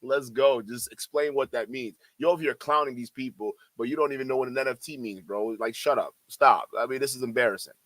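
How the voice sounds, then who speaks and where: A man reacting to clips on a stream, excitable and mocking, often repeating himself and swearing. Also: mid-range voice, brisk, few pauses, no room sound. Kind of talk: casual reaction commentary.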